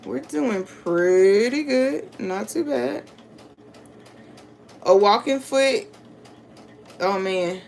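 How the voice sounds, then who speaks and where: A woman's voice: fairly high pitch, animated, drawn-out words, creaky, pauses often, darkish tone, a little hiss or hum. A woman hosting a live sewing stream, chatting casually with viewers and reading the chat aloud. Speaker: crafting livestream host.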